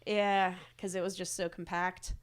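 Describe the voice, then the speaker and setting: A woman hosting a podcast, chatting casually and telling animated stories with quoted voices. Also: on the low side, unhurried, clear, resonant tone. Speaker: podcast host. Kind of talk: casual chat.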